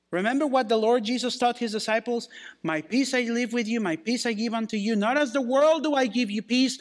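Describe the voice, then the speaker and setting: Preaching as a pastor, this high-voiced man reads out scripture and slows his delivery to stress the phrases that matter most.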